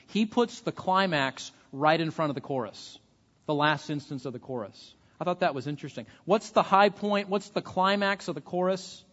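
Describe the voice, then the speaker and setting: A man with a fairly high voice delivers an earnest sermon, restarting his sentences with repeated words. He sounds like a pastor speaking to a congregation. The recording is muffled and carries a long hall echo. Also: moderate pace, a bit bright.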